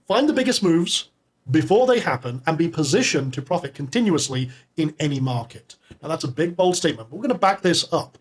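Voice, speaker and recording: A man hosting a live online webinar, upbeat and salesy, reading names from the chat and pitching to viewers. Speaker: webinar host.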